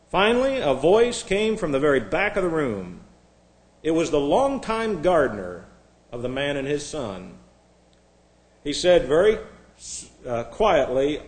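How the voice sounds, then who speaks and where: A male Bible teacher tells an illustration story in a sermon. His delivery is dramatic and often sinks to a quiet emphasis. His somewhat high voice moves lively up and down. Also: a little slow.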